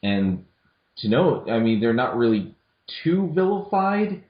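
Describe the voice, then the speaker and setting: A man's voice: mid-range voice, sing-song, measured pace. A young man co-hosting a casual film discussion, talking hesitantly with many restarts and fillers. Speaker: podcast co-host. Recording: echoey room, dull lo-fi audio.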